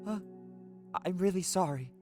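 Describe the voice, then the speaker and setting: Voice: medium pitch, moderate pace, warm tone, soft background music, voice pushed up, close to an everyday voice. A streamer reading out the lines of a teenage girl who leads a club and is weighed down by guilt, in an earnest, self-reproaching voice. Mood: guilty. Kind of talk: reading visual novel dialogue aloud.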